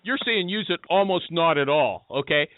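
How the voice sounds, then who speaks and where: A man's voice: normal speed, dry recording. A man hosting and moderating a panel discussion, prodding guests with questions. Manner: prodding, questioning, lively pitch. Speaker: show host, moderator. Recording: dry, thin phone-like sound.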